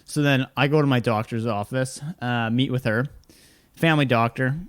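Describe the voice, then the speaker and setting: A man in casual podcast chat, rambling through a personal anecdote with plenty of ums and likes. His voice sits at an ordinary middle pitch. The recording is close and dry, with no room sound. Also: fairly even intonation, moderate pace, smooth, no echo. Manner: rambling anecdote with acted quotes and frequent fillers. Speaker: podcast co-host.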